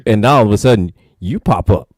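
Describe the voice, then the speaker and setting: Captain as casual dude, rattling off questions; man's own deep voice. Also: animated, darkish tone, no room sound, studio quality. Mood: demanding. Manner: casual slang, rapid-fire questions. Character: male starship captain as a slangy dude.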